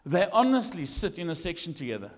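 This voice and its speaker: A man, a lead pastor, preaching in a church, jokey and animated, jumping from shouts to quiet asides. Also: on the high side, fast talker, in a large hall. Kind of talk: sermon. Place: church hall.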